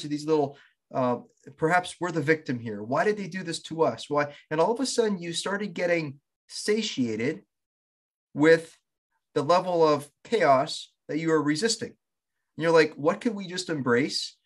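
A man hosting a podcast, with a slightly high voice. He speaks in a reflective, affirming way and muses philosophically on what his guest has said. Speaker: podcast host. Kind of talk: interview conversation.

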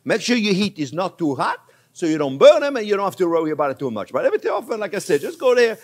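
An older man hosting a cooking show, chatting to viewers as friends while he cooks, easygoing and reassuring. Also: fast. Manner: lively pitch swings, laughs at his own slips. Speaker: cooking show host and chef. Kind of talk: casual cooking demonstration.

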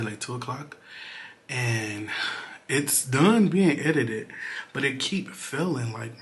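A man from Detroit, Michigan, talking candidly to camera in a casual vlog about his small business. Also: mid-range voice. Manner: candid and chatty, with bursts of excitement. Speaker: vlogger and small business owner.

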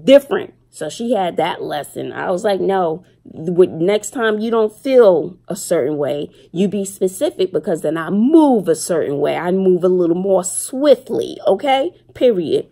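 A middle-aged woman and mother chatting casually to her viewers, telling stories with slang and animated retellings. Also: fairly low pitch, a little slow, creaky. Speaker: vlogger and single mother. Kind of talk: casual chat to camera.

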